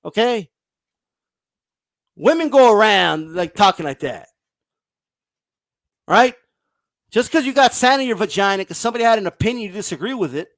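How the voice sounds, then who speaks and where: Casting: high-pitched male streamer, blunt profane ranting, dry close sound. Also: expressive, normal speed, pauses often, a bit bright, dry recording. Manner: profane, blunt, ranting, reads viewer comments aloud. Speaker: boxing livestream host. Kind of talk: casual livestream rant.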